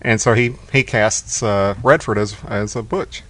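A man's voice: on the low side, measured pace, a bit bright, dry recording. A man with a Texan accent co-hosting a podcast, telling stories and cracking jokes in casual chat. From Texas. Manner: joking, storytelling. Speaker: podcast co-host.

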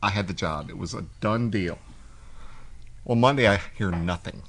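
A man's voice: on the low side, normal speed, slight background noise. A man hosting a casual chat, telling a long story and acting out what people said. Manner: animated storyteller, acts out quoted voices. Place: cigar shop.

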